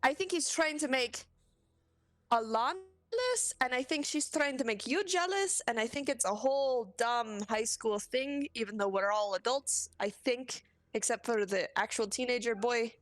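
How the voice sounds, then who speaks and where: A woman's voice: a little high, animated, moderate pace, no echo. A woman playing a tabletop game, talking hesitantly with many fillers. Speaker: player. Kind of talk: in-character tabletop play.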